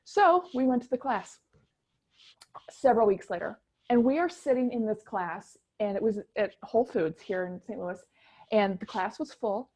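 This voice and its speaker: A middle-aged woman, telling her story as a guest in a casual interview, animated and chatty with many restarts. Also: medium pitch, moderate pace. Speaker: guest chef.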